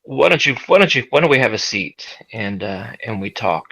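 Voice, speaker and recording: Young guy roleplaying a character, low gravelly voice, kinda dull lo-fi mic. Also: big pitch swings, bright, forceful tone, dry recording. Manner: hesitant, halting with "uh". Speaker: player. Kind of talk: in-character tabletop role-play.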